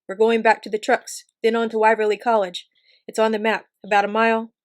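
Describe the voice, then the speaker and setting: Lady reading as a bossy army officer guy, loud clipped orders, kinda high and flat. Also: moderate pace, close to an everyday voice. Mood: commanding. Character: middle-aged male army officer, brisk and commanding.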